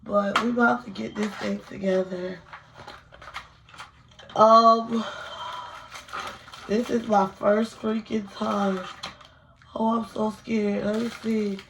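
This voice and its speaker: A woman's voice: medium pitch, little pitch movement, takes it slowly, gravelly, pauses often, a bit bright, a little hiss or hum. A young woman chatting nervously to viewers in a casual home vlog. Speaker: beauty vlogger. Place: indoors at home.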